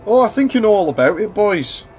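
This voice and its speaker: A man putting on a stern, calm headteacher. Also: high voice, a little hiss or hum, pitched above the performer's own voice. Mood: sternly calm. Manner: measured, firm, never shouting.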